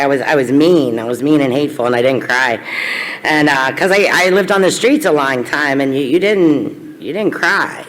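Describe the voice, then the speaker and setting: A woman's voice: deep voice, animated, moderate pace, a bit bright, some chatter behind. Candid woman in a reverberant hall. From Kentucky. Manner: candid, blunt, self-deprecating humor. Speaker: recovery meeting speaker. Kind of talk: personal testimony talk to a crowd.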